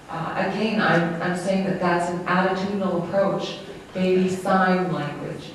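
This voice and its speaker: An interpreter voicing a lecture live, in a halting, self-correcting way. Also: mid-range voice. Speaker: sign language interpreter. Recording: very echoey room, distant mic, faint noise.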